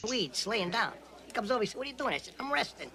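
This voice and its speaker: An actor playing a hot-tempered mobster who swings from joking to menacing, swearing heavily. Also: male voice, high-pitched, very animated, racing, pushed and bright, heavily acted. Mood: storytelling. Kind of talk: film dialogue.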